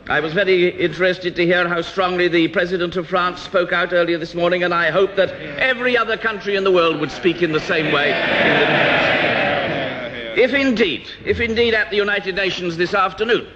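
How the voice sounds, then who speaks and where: A man's voice: high voice, background noise. Man, parliamentary debate speech, emphatic and rhetorical, dull archive broadcast sound. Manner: rhetorical, emphatic, with pauses and restarts. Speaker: opposition politician. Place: House of Commons debating chamber.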